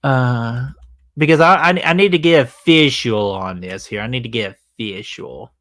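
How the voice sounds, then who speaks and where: A man's voice: mid-range voice, normal speed, fairly bright tone. A man hosting a live stream, chatting casually and joking as he reads out comments, with frequent swearing and fillers. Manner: loose, joking, swears freely, many fillers. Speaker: livestream host.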